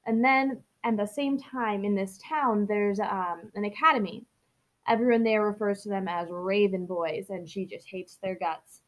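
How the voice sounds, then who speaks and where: A woman's voice: mid-range voice, steady tone, measured pace. A woman hosting a book podcast, chatting in a bubbly, rambling way, laughing at herself before she reads a novel aloud. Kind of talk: chatty intro, then reading aloud.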